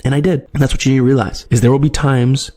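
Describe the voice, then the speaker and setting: A man's voice: medium pitch, little pitch movement, quick pace, a little mellow. A man hosting a trading video, delivering an urgent motivational monologue straight to the viewer and checking in with repeated tag questions. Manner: urgent, repetitive direct address, frequent tag questions.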